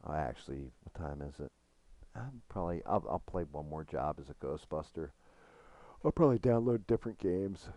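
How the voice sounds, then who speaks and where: A man's voice: very deep voice, dark tone, no echo. A middle-aged man streaming a game, talking frankly and rambling, with plenty of profanity. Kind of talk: casual gaming stream chat.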